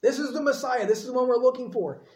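A man voicing an excited young male disciple who delivers his news eagerly. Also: very high-pitched, quick pace, echoey room, pitched above the performer's own voice.

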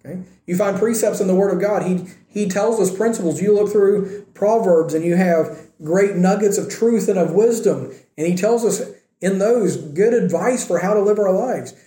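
A man preaches a sermon, and he acts out the quoted speakers in his own voice. His voice sits high and sounds mellow. The room around him is echoey. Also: normal speed. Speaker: pastor.

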